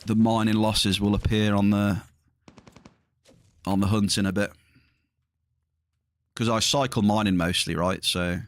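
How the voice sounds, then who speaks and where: A man's voice: lowish voice, fairly even intonation, measured pace, long pauses, no room sound. A middle-aged man chatting casually to viewers during a livestream, rambling, his voice slightly strained. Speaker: livestreaming gamer.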